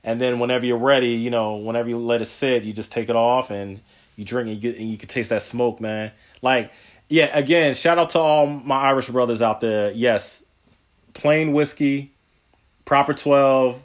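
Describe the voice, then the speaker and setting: A man hosts a casual podcast at a moderate pace and medium pitch, rambling through animated stories with plenty of laughs. Slangy asides keep coming, with "yo" and "man" said again and again.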